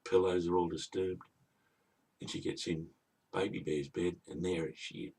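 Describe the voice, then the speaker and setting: Low husky aussie bloke ranting through a fairy tale, kinda far off the mic. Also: male voice, level tone, a little slow, darkish tone. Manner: indignant, rambling, grumbling asides. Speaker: comic storyteller. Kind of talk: comic retelling of a fairy tale.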